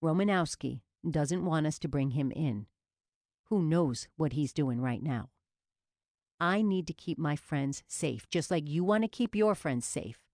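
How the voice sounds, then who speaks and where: A woman reading an audiobook, voicing a patient male police officer who calmly talks a man down. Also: low voice, measured pace, no echo, clean studio sound. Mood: soothing. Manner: soothing, patient, persuasive.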